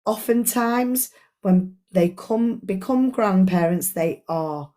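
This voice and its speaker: Lady coach chatting thru a book club live, earnest, talks right at you, middle-aged, normal pitch. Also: lively intonation, takes it slowly, mellow. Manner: earnest, chatty, speaks straight to her audience. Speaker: life coach.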